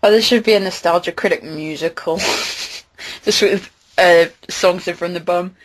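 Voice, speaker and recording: A woman's voice: lowish voice, a little slow. A woman co-hosting a casual podcast chat, giggling and breaking into silly sing-song voices. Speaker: podcast co-host.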